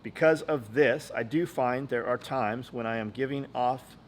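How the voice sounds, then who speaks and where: A man's voice: mid-range voice, a little slow, a little hiss or hum. A man hosting a podcast in casual chat, blunt and profane, rambling from story to story. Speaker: podcast host.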